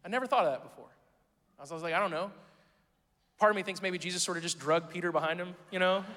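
A man delivers a sermon from a church pulpit, his voice high for a man. He talks casually and teases the congregation, rising loud on key lines and sinking almost to a hush. The sound carries a long hall reverb. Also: racing. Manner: conversational and joking, swinging from loud to hushed. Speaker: pastor. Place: church sanctuary.

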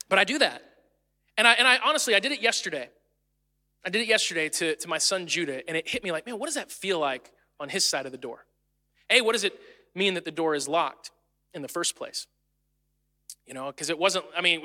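Bright-voiced pastor in a reverberant hall. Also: male voice, on the high side. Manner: conversational and self-deprecating, with animated storytelling. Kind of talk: sermon. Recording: long reverb of a large hall.

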